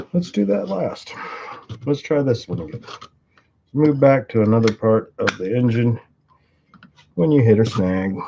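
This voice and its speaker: A man's voice: on the low side, darkish tone, a little hiss or hum. Profane, rambling man in a workshop. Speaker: tool and engine video maker. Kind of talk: casual workshop demonstration. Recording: muffled audio with clear clicking.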